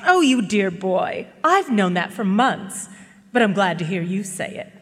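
A woman's voice: mid-range voice, very animated, unhurried, long reverb tail. A woman voicing a gracious, fond society mother in a radio drama. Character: warm, poised society matron.

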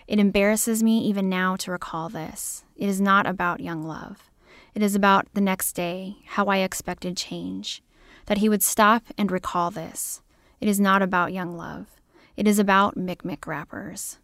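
A woman poet reading her own poems aloud in a measured, deliberate way. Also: medium pitch, no echo, clean studio sound. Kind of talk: poetry reading.

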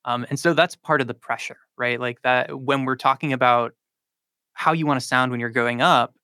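A man's voice: medium pitch, fairly even intonation, normal speed, sharp tone, clear, resonant tone, no echo. A man, a linguistics professor, explaining his research on a radio interview with frequent ums and likes.

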